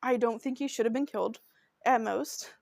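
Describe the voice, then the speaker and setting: A woman's voice: fairly high pitch, moderate pace, gravelly, a little mellow, no room sound, studio quality. A woman hosting a true crime podcast, narrating a case in an earnest, emotional and heartfelt way. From Oklahoma.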